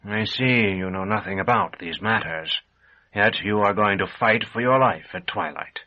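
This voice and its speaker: A fretful, servile shopkeeper, as a male audiobook narrator puts him on, his voice pushed up high and anxious. He pleads and wheedles over the counter. The sound is slightly dull and lo-fi. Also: normal speed, natural voice. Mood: resigned. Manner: pleading and servile, higher and louder than the narration. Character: nervous, fussy middle-aged male shopkeeper.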